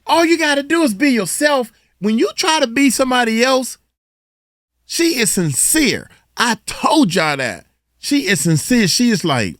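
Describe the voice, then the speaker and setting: A man's voice: sits high, moderate pace, dry recording, clean studio sound. A man hosting a video in which he reacts to another clip, giving casual, colloquial commentary that often turns into a lecture. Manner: animated, preachy, colloquial.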